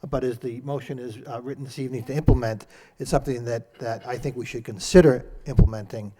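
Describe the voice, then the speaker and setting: A male city councilor delivering careful, formal remarks in a council chamber. He hedges and fills his pauses with small hesitations, keeping an even, procedural tone. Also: medium pitch. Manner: measured, hedging, many uh fillers.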